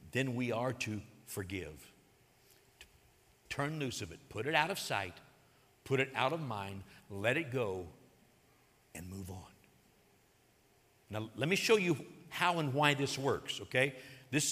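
Male pastor, bright forceful tone, long reverb, earnest sermon delivery. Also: mid-range voice. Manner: earnest preaching, retells a parable with acted quotes.

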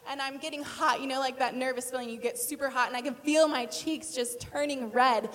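A woman's voice: high voice, steady tone, fairly quick, fairly bright tone. A woman in her thirties giving a sermon, telling a personal story in a chatty, self-deprecating way. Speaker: speaker at church. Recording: hall reverb.

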